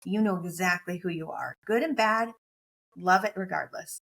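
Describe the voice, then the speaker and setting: A woman's voice: fairly low pitch, moderate pace, creaky, a bit bright. Earnest woman telling a heartfelt story. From United States. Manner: earnest and emotional, repeating key phrases. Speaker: guest, motivational speaker and coach. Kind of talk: heartfelt personal storytelling in an interview.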